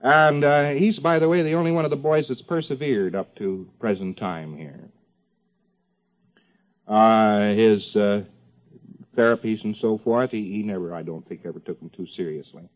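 A man's voice: lowish voice, steady tone, moderate pace. Rambling male lecturer on dull old tape. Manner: rambling, joking asides, frequent fillers and restarts. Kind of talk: informal recorded lecture to a class.

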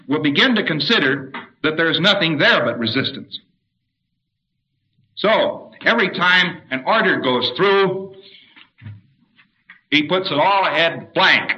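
A man's voice: mid-range voice, muffled recording. A man giving an explanatory spoken lecture and pointing to a diagram. He now and then acts out short spoken commands.

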